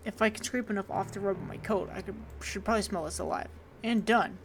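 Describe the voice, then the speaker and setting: A woman hosting a let's play, relaxed, reading the detective's lines aloud in her own plain voice as she plays. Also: mid-range voice, quick pace, a little hiss or hum. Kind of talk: reading game dialogue aloud while playing.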